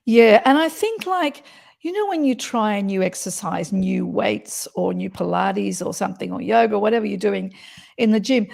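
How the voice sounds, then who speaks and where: A woman's voice: mid-range voice, lively intonation, normal speed, creaky, a little mellow. A woman voice coach explaining voice qualities in an interview, talking expressively and demonstrating as she goes.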